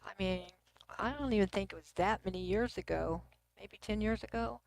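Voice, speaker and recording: Chatting with her livestream audience and reading their comments, this middle-aged Texan woman speaks from her computer with a Texan accent. Her voice is gravelly and medium-pitched at a normal speed, occasionally falling to a near whisper.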